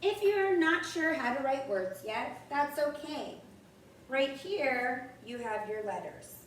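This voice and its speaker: A woman's voice: sits high, expressive, slow pace, slight background noise. A woman kindergarten teacher giving a writing lesson to young children, patiently sounding out words. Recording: roomy, from far off the mic, faint background ambience.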